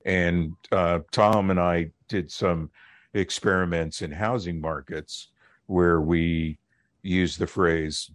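A middle-aged man, a linguist and professor, explaining his research as a guest on a radio interview in a measured way. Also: deep voice, fairly even intonation, dry recording. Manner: measured, explanatory, with occasional fillers.

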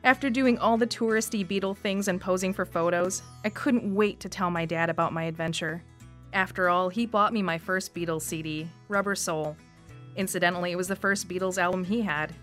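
A woman's voice: lowish voice, steady tone, fairly quick, fairly bright tone, faint music behind. A woman in her thirties from Wisconsin, with a Northeast Wisconsin accent, reading her own personal story for radio in an upbeat way. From Wisconsin, USA. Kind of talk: scripted personal narration.

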